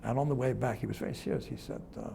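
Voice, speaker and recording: An older man, a veteran broadcaster, recalls old stories in an interview, chuckling and mimicking the people he quotes. His voice is strongly gravelly and dark-toned, with faint noise behind him. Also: medium pitch, steady tone, racing. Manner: chuckling storyteller who acts out quoted voices. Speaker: television presenter. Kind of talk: reminiscing interview anecdotes.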